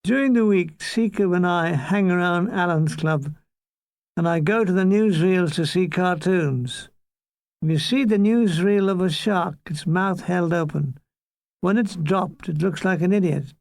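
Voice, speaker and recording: In a dry recording, an older Irish man with a high, creaky voice and darkish tone narrates his own war memoir. The telling is drily comic, laced with quick asides and mock voices.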